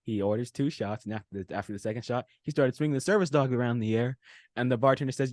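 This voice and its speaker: A podcast host in a casual chat who trades corny jokes and laughs loudly and playfully. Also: mid-range voice, fast talker, no echo. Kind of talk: casual joke-trading chat.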